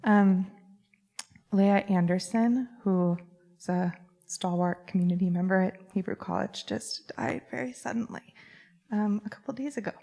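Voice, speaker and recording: A young woman, a rabbinical student, quietly sharing a remembrance of a friend. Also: mid-range voice, moderate pace, creaky. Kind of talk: spoken remembrance.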